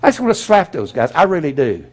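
A man's voice: on the high side, very animated, fast talker. A man preaching a sermon as pastor, speaking bluntly and folksily with mocking asides.

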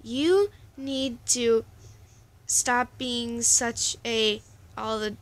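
A woman voicing a fierce, shouting teenage boy. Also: on the high side, drawn-out words. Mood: angry. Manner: shouting, indignant. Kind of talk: amateur story reading.

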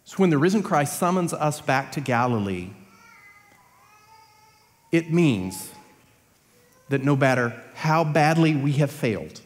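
A man delivering an earnest sermon in a slightly high voice, his lines swelling toward emphatic peaks. His words carry a long reverb from the church sanctuary around him. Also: expressive, measured pace, long pauses. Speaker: preacher.

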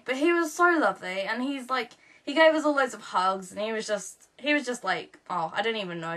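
Bright chatty teen girl. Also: on the high side. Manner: chatty and rambling, full of fillers and quoted dialogue. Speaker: vlogger. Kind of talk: casual storytelling vlog.

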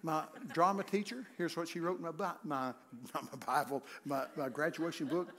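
Folksy older preacher with a high voice. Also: male voice, steady tone, normal speed. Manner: folksy, jokey, bursts into loud shouts. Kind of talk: humorous sermon storytelling. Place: church sanctuary.

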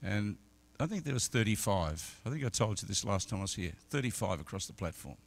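A middle-aged man preaching a sermon as an evangelist, telling stories and swinging from quiet talk to loud shouted peaks. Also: fairly low pitch, animated, brisk, vocal fry. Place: church service.

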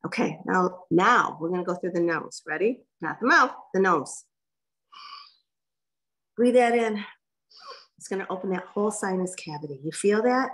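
Lively woman coaching a workshop. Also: lowish voice, brisk. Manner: lively, direct, folksy coaching. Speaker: guest speaker. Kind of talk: workshop presentation.

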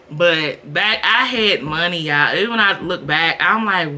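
A woman's voice: lowish voice, measured pace, few pauses, bright, forceful tone. A woman in her thirties talking candidly to her viewers in a casual home vlog. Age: 30s. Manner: candid, chatty, addresses viewers as y'all. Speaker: vlogger.

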